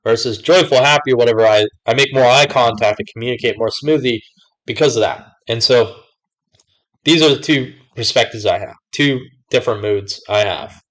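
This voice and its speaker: A man's voice: mid-range voice, normal speed, a bit bright, poor audio. A young man vlogging casually, rambling with lots of filler words as he tells what has happened lately. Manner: rambling, many fillers like "like" and "whatever". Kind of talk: casual talk to camera.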